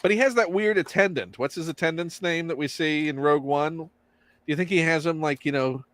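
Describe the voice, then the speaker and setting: A man rambling and joking in a live chat, voice sitting slightly high. The recording is dry and close to the mic. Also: a little fast, no room sound. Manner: rambling, jokey, trails into restarts. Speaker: chat guest or co-host. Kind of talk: casual chat.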